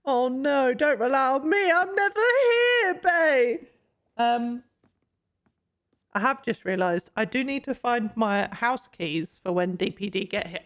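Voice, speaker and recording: A woman's voice: on the high side, expressive, measured pace. A young woman chatting casually while streaming a game, swearing and laughing often, her mic pointed the wrong way. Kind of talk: casual gameplay chat. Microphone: desk mic, pointed the wrong way.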